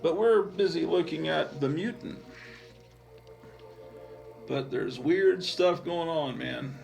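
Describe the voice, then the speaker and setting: A man with a rather high, gravelly, darkish voice speaks at a slow pace with long pauses, faint music behind him. He's a comic book collector hosting his channel, casually showing off his collection in a wandering, filler-heavy way.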